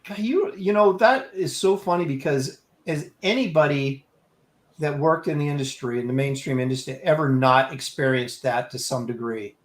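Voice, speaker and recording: A man's voice: a little high, normal speed, roomy sound. A man co-hosting a casual chat among comic artists, telling stories and acting out quotes. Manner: animated storyteller, acts out quotes.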